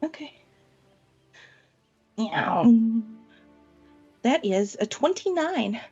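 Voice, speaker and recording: A woman's voice: sits high, very animated, very slow, slightly rough, dull audio, soft background music. A woman playing in a tabletop game, talking casually and hesitantly with many fillers. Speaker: player.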